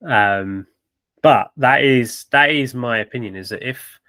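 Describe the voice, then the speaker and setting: A man co-hosting a podcast, giving opinionated, measured analysis in casual chat. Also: medium pitch, bright, forceful tone, no echo. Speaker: podcast co-host.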